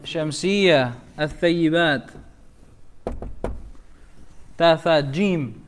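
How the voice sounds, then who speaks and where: A man teaching a tajweed class, his voice sitting a little high and his pace slow and measured. He calls out each letter, asks the class which rule it follows, and recites the example words. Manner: quizzes students letter by letter, drawn-out recitation of words.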